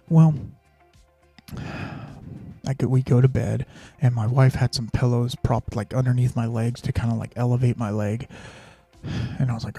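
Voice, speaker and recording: A man's voice: mid-range voice, little pitch movement, normal speed, vocal fry, mellow, husky, soft background music. A man hosting a podcast, telling a personal story in a rambling, casual way, full of fillers and restarts. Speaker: podcast host.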